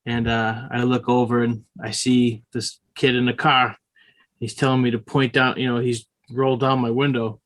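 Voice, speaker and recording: A man's voice: medium pitch, flat delivery, moderate pace. A man co-hosting a podcast, telling stories in a rambling, casual way with many restarts. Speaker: podcast co-host. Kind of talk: casual chat.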